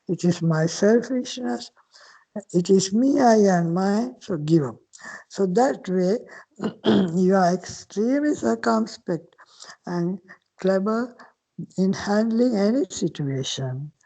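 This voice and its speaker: A woman's voice: mid-range voice, mellow, breathy edge, rough recording. An older woman, a Buddhist nun, patiently explaining teachings in a dharma talk, sometimes dropping to a whisper. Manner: slow, patient explaining with Pali terms, occasional whispered phrases.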